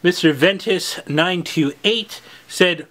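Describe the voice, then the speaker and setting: Man announcing a contest, slightly high voice. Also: slow, fairly bright tone. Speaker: comic shop host.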